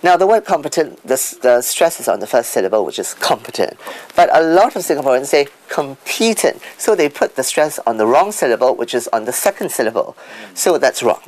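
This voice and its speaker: A man answering interview questions as an expert guest, teaching word stress by sounding out examples, with lively pitch swings. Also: fast, few pauses, low-quality recording.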